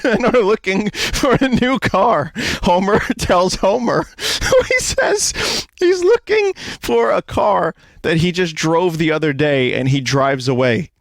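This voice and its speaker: Male streamer, dry close desk mic, slow amused deadpan reading, lively pitch. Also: no room sound. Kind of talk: casual live-stream reading aloud.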